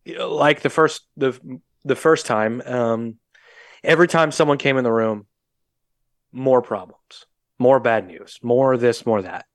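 Young midwestern dude calling in remote, blunt, swears a lot, dry mic. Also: male voice, mid-range voice, measured pace, no room sound. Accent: Midwestern American. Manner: blunt, sardonic, swears freely. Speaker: podcast co-host. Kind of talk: casual podcast storytelling. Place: remote call. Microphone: remote call mic.

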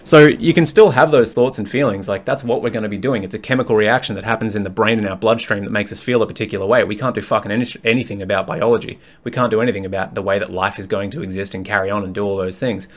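Blunt, low-voiced male podcast host. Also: fairly even intonation, fast, hardly any pauses. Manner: blunt, frank, swears freely; rambling and conversational, thinks aloud. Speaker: fitness coach and podcast host. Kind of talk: candid solo podcast monologue.

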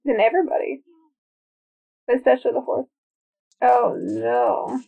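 A woman's voice: a little high, steady tone, measured pace, gravelly. A woman co-hosting a podcast, chatting casually and eagerly sharing trivia while watching a movie. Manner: chatty, enthusiastic about trivia. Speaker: podcast co-host. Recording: phone-like narrow sound.

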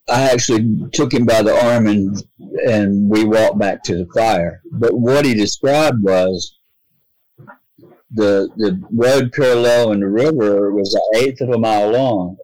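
A man's voice: fairly low pitch, a little mellow, dry recording, low-quality recording. A man, earnestly telling a long personal story in a rambling way, often restarting his sentences. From North Carolina, US. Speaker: guest telling his own experience. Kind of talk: casual storytelling.

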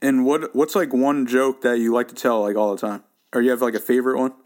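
A man's voice: mid-range voice, steady tone, fast, a little mellow. A man interviewing a guest in a loose, chatty way, full of casual fillers.

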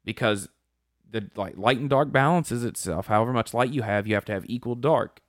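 A man's voice: medium pitch, a little fast, no room sound, studio quality. A man co-hosting a casual podcast, confidently explaining lore at length and swearing casually. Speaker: podcast co-host. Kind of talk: casual chat.

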